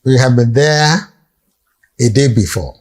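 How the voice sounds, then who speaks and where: Husky older Nigerian man telling stories. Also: mid-range voice, expressive, a little slow, darkish tone. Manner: vivid storytelling, acts out quoted dialogue. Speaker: guest. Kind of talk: storytelling reminiscence.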